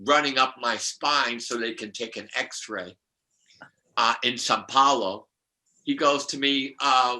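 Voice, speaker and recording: A man's voice: mid-range voice, unhurried, bright, forceful tone, low-quality recording. An older man, a numerologist guest, telling rambling spiritual stories with many restarts and laughs.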